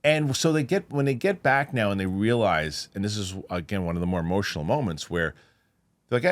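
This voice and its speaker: A man hosting a casual film review, retelling scenes in an animated, rambling way with many restarts. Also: fairly low pitch, a little fast. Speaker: movie review host. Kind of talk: casual spoiler review chat.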